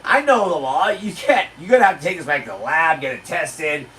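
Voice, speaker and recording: Man, crude boastful storyteller, fairly high voice, slightly distant mic. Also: lively intonation, brisk, fairly bright tone. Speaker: livestream host. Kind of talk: casual storytelling. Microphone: handled desk mic.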